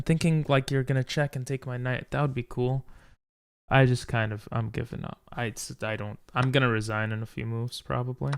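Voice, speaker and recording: A man's voice: medium pitch, steady tone, a little fast, creaky, smooth. A tired, frustrated man commentating his own chess game, thinking aloud and talking to viewers. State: tired from little sleep. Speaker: chess streamer.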